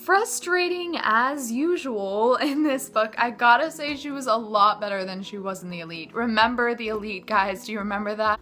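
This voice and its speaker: A woman talking casually to camera as a book vlogger, animated and gushing, mocking the characters in quick asides. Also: medium pitch.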